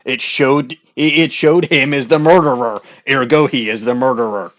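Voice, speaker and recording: A man hosting a comedic game playthrough voice-over, sarcastic and deadpan as he reads and comments. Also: mid-range voice, normal speed, muffled recording. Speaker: host.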